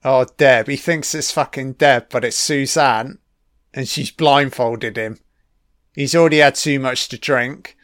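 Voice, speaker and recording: A man's voice: medium pitch, a little slow, a bit bright, no room sound, studio quality. A man giving casual, sarcastic film commentary, swearing constantly and mocking what is on screen. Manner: sarcastic, heavily profane, mocking.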